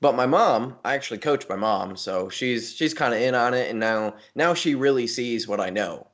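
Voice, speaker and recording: A man co-hosting a podcast, talking casually about bodybuilding and coaching with a relaxed, rambling manner and frequent restarts. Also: mid-range voice, moderate pace. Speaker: podcast co-host. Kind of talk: casual chat.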